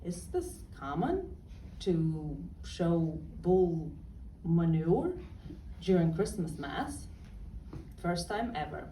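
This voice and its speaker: Woman storyteller, dry comic delivery, lively pitch, heard from a distance in an echoey room. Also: very slow, a little hiss or hum. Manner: wry, deadpan comic timing. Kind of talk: personal storytelling. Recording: roomy and distant with faint ambience.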